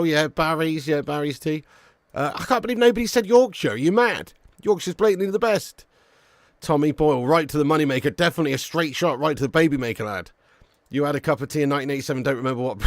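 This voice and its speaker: A man's voice: a little high, no echo, clean studio sound. A man hosting a live watch-along, reading out viewer comments in loose, joking banter with frequent swearing and chuckles. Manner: laid-back banter, swears freely, chuckles often.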